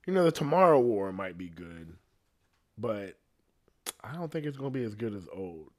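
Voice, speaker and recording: At a moderate pace, a male podcast host wanders through a swear-heavy, casual comedic monologue. Animated throughout, he shifts dramatically between loud and quiet phrases with big pitch swings, constantly asking "you know what I'm saying."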